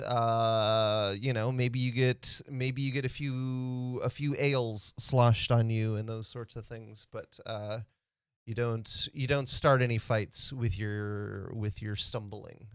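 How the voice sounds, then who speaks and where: A man narrating a tabletop game as game master, relaxed and halting with many fillers. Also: mid-range voice, clear, resonant tone, no room sound, studio quality.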